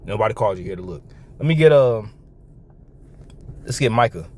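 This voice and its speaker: A man talks through a video and reads out scripture, his pitch rising and falling a lot. He is animated, stumbles over repeated words and restarts his sentences, and often breaks into laughter between remarks. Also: fairly quick. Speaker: online commentator. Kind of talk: reaction commentary with scripture reading.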